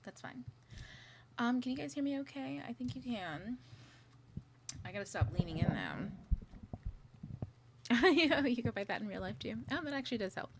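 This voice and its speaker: A woman's voice: a little high, expressive, normal speed, long pauses. A woman hosting a casual livestream, chatting and thinking aloud while fixing her setup, sometimes whispering asides to herself. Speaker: livestream host. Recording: audible clicking noise.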